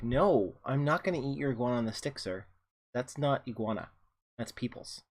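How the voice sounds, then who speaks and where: Over faint game music, a man hosting a gameplay video keeps up a chatty stream of jokey asides and reads the game text aloud. He's a gaming channel host with a mid-range voice at a normal pace.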